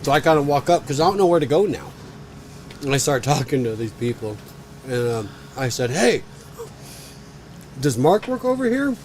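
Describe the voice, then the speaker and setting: A man's voice: mid-range voice, fairly quick, a little mellow, a little hiss or hum. A man co-hosting a podcast, telling a story in a rambling, profane, punchy way. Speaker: podcast co-host. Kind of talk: casual storytelling.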